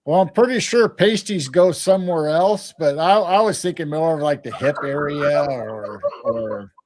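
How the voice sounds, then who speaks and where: A man's voice: on the high side, moderate pace, a little mellow. Rambling, playful Midwestern man. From Midwestern United States. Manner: rambling, playful, repeats words while thinking. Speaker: co-host of a live chat stream. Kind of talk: casual late-night chat.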